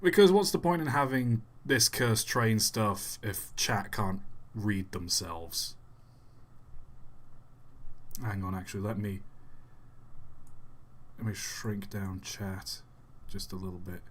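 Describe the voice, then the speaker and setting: A man's voice: lowish voice, slow, long pauses, slight background noise. A man hosting a live stream in a casual, chatty way, reading out viewers' messages and answering them offhandedly.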